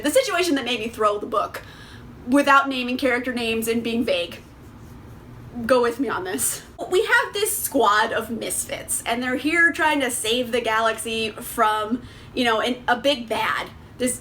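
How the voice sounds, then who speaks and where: A young woman with a high voice rants through a casual book review, exasperated and animated, swearing freely. A faint hum of room ambience sits behind her.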